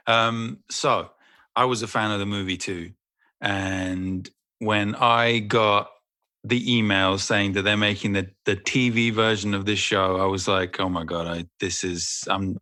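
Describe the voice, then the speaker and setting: Male actor guest, fairly low voice, loose rambling self-deprecating chat, dry close mic. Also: bright, forceful tone, no room sound. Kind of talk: casual interview chat.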